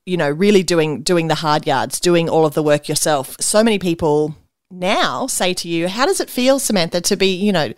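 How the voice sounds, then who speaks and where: Woman host, lower voice, dry close-miked sound, encouraging chat. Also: lively intonation, normal speed, dry recording. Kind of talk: casual interview conversation.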